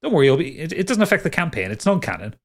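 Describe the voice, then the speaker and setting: Lively game master rambling. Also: male voice, a little high, racing. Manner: rambling, laughing, swears casually. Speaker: game master and podcast host. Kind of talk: casual podcast outro and plugs.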